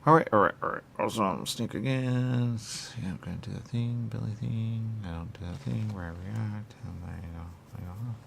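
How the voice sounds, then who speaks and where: A person playing a snake game and rambling aloud, muttering to themself in halting, trailing phrases. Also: mid-range voice, vocal fry, fairly bright tone, slight background noise. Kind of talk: rambling stream-of-consciousness talk.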